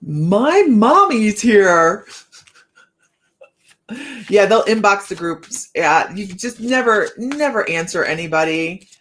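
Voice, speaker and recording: A woman's voice: mid-range voice, animated, normal speed, few pauses, a bit bright. A woman hosting a live tarot stream, chatting casually with viewers, greeting them by name and laughing often.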